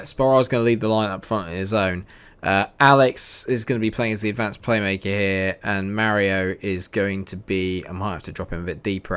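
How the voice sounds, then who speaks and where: A man's voice: lowish voice, smooth. A man giving casual commentary over a football management game, grumbling and exasperated as things go wrong. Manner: exasperated, grumbling, talks to himself. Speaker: gaming commentator.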